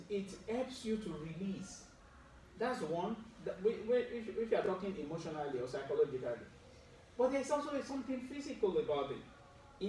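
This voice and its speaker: High-voiced man preaching in an echoey hall. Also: a little mellow, a little hiss or hum. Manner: explains with medical detail, asks the audience questions, wry asides. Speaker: preacher giving a Friday sermon. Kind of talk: sermon. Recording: roomy echo, distant mic, faint ambience.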